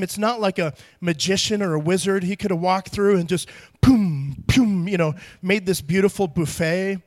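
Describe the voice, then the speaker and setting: High-voiced man preaching conversationally. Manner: conversational, animated, acts out quotes with emphasis. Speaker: pastor. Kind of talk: sermon.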